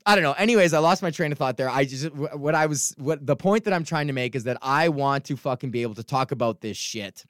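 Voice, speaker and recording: A young man hosting a podcast, talking frankly in a rambling, profane way with many halting restarts. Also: medium pitch, dry recording, studio quality. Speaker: podcast host. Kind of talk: casual rambling monologue.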